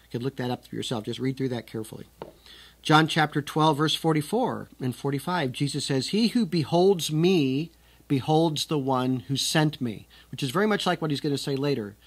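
A man's voice: on the high side, normal speed, slightly rough. A man teaching scripture, reading the verses aloud with strong emphasis and then explaining them in a conversational way. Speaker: Bible teacher.

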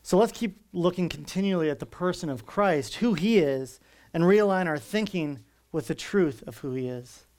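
A man delivers an earnest sermon, leaning hard on key words with slow, deliberate pauses. His voice sits a little high for a man. He sounds middle-aged and is audibly moved as he preaches. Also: expressive, a little mellow. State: moved to tears at times. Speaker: pastor.

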